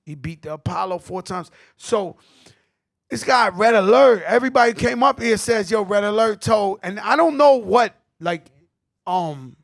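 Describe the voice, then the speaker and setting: A middle-aged man with a New York accent, telling animated stories at a tribute panel, acting out quotes and swearing freely. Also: sits high, measured pace, creaky. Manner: animated street storytelling, acts out quotes, swears. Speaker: host.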